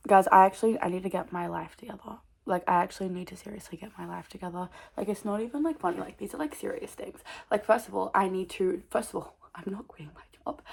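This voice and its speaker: A woman's voice: medium pitch, gravelly, husky. A young woman, rambling and oversharing in a casual chat to camera, laughing often and restarting her sentences. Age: young adult. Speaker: vlogger.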